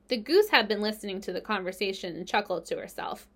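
A woman narrating a children's book aloud in a gentle, steady storytelling manner. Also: medium pitch, a little fast, hardly any pauses.

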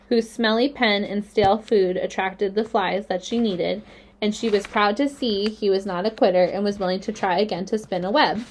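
A woman narrating a children's novel aloud in a clear, expressive storytelling manner. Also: medium pitch.

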